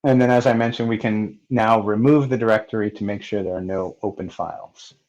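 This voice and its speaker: A man with a lowish voice talks through a software installation, step by step, in a plain, unhurried way with the odd "uh". The audio is dull and lo-fi, like a screen recording. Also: steady tone. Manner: plain, step-by-step narration with fillers. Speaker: software tutorial presenter. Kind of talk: screen-recorded technical walkthrough.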